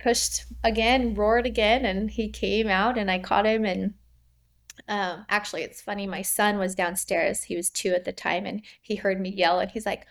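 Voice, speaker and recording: A woman's voice: mid-range voice, steady tone, moderate pace. Woman in her thirties, podcast guest, personal birth story, casual rambling talk, many fillers, laughs often.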